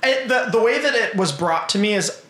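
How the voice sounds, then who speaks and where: A man chatting casually, telling stories in an animated way and swearing a lot. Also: high-pitched, moderate pace, roomy sound. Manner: profane, animated storytelling. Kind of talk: casual chat.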